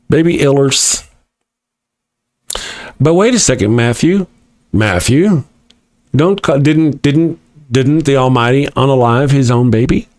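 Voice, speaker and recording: A man's voice: medium pitch, a little mellow, no room sound, clean studio sound. A man hosting a casual livestream and reading chat aloud, joking and sarcastic with rambling asides.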